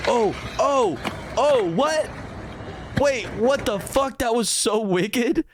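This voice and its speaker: A man's voice: very high voice, background noise. A man streaming live and reacting to clips, chatting loosely, laughing and swearing often. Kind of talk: casual chat.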